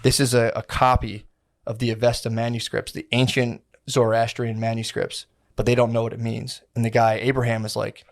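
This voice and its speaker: A man's voice: medium pitch, little pitch movement, brisk, creaky. A man co-hosting a podcast, telling a history story in a rambling, slangy, casual way, full of quoted voices. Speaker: podcast co-host.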